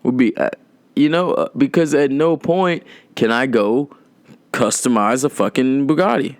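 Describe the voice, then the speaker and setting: A young man hosting a podcast, talking in a loose, rambling way, swearing a lot and making dark jokes. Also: mid-range voice, lively intonation, unhurried, no room sound. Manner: rambling, profane, darkly joking, drawn out. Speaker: podcast host. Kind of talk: casual rambling monologue.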